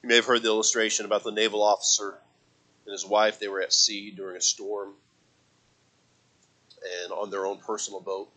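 A man preaching a sermon, swinging from loud impassioned passages to soft, quiet reflection and quoting scripture in old-fashioned wording. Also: on the low side, little pitch movement, a little fast, pauses often, rough recording.

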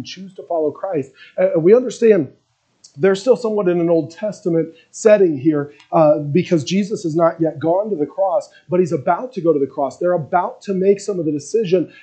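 Husky high-voiced man preaching a sermon. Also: warm tone, rough recording. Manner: earnest, building in intensity, acts out scripture quotes.

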